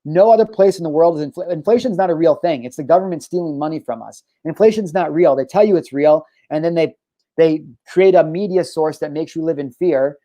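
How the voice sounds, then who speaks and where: A man's voice: on the high side, fairly quick, dark tone. A young man hosting a solo podcast, ranting heatedly and profanely, often stopping to restart his sentences. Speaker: podcast host.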